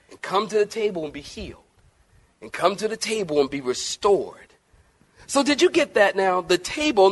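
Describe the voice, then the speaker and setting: A male pastor preaching a sermon in a church, animated, swinging between loud emphasis and soft, gentle lines and joking with his congregation. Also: high-pitched.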